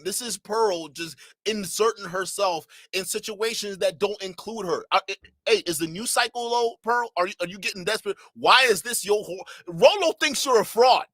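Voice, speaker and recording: A man hosting a commentary channel, talking to chat in an animated, sarcastic, rambling way. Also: high voice, dry recording. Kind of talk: reaction commentary.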